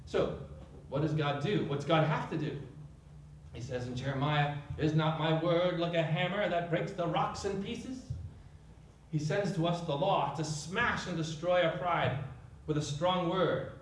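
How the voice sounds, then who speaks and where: A man's voice: on the high side, measured pace, slight background noise. A man preaching a sermon with emphatic delivery and rhetorical questions, speaking to a congregation. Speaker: pastor. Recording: echoey room, mic at a distance.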